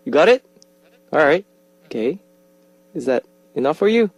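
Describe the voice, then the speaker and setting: A man hosting a radio request show from the studio, his fairly high voice leaping up and down as he reads out listener messages. He sounds playful and animated, and the studio sound is bone dry with no room echo. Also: normal speed. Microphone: studio microphone.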